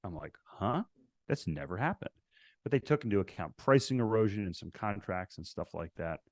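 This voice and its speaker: A man with a low voice speaks as a podcast guest in a dry, close recording. He tells stories casually and acts out past conversations with plenty of energy. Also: lively intonation, fairly quick, no room sound. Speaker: podcast guest, real estate investor. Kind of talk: casual interview storytelling.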